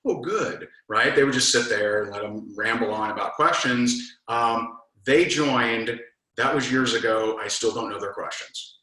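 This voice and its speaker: A man coaching network marketers in a casual talk, animated and acting out both sides of sales conversations. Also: medium pitch, measured pace, roomy sound, low-quality recording.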